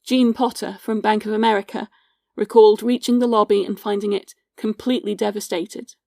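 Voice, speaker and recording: A woman hosting a podcast, giving scripted history narration in a measured, sombre storytelling manner and reading out witness accounts. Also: medium pitch, steady tone, gravelly, mellow, dry recording, clean studio sound. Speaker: podcast host.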